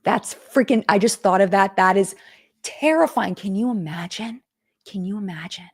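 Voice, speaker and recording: Hosting a relaxed live chat stream on a streaming mic, a woman speaks with a husky, mid-range voice at a moderate pace. She mulls things over aloud as she reads through viewer comments and contract text.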